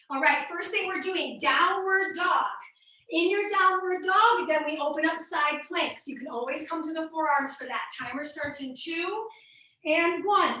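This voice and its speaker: Bright-voiced woman coaching a workout. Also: sits high. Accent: Midwestern American. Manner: upbeat, encouraging coaching while exercising. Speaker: fitness instructor. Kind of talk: workout class instruction. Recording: echoey room, mic at a distance.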